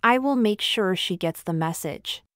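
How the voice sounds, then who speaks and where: A woman reading English practice phrases slowly and clearly for learners, saying each one twice. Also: mid-range voice, animated, no echo, clean studio sound.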